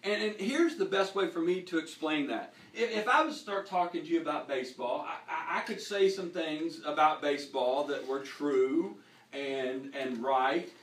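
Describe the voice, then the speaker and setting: A man's voice: on the high side, moderate pace. A middle-aged man teaches a Bible lesson in a living room, talking casually and restarting his sentences with repeated words. His voice comes from across the room and rings off the walls. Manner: animated, repeats words when starting sentences. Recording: echoey room, voice from far off.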